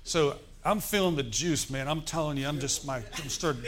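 A middle-aged male pastor, telling a story in a sermon in a conversational, animated way and asking the congregation questions. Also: a little high, normal speed, crowd noise.

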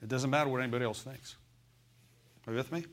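A male pastor preaching a sermon in a church, folksy, asking the congregation for replies and slowing down to read scripture aloud. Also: medium pitch, steady tone, a bit bright.

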